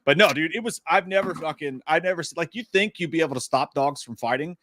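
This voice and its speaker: A man's voice: fairly high pitch, bright, forceful tone. A man co-hosting a casual live-stream chat, telling a story full of swearing and laughter. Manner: fast, profane, laughs often. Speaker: podcast co-host.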